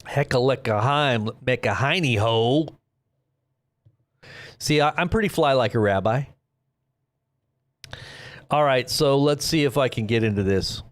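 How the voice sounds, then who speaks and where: A man hosts a casual live news stream in a mid-pitched voice, rambling and cracking jokes. He often stops and restarts his sentences. The sound is dry and close to the mic. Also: lively intonation, normal speed, pauses often, no echo. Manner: rambling, self-interrupting, joking. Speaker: host. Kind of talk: casual livestream commentary.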